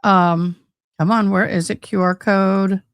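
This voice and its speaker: An unhurried woman with a clean, mid-range voice and a steady tone hosts a casual YouTube livestream. Despite that, her talk comes in agitated, ranting bursts, recorded on a close desk mic in a home room with sunlight through the window.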